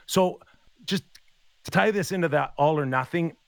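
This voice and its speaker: A man's voice: on the high side, moderate pace, creaky, no room sound. A man in his fifties, a former hockey player, telling stories in a casual chat and acting out the quotes. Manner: animated storyteller acting out quotes.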